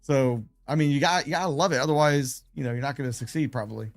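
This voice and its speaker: A man's voice: mid-range voice, fast talker, dry recording, soft background music. A man telling stories casually on a live trading stream, chatty, laughing between anecdotes and repeating phrases for emphasis. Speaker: day trader and live streamer.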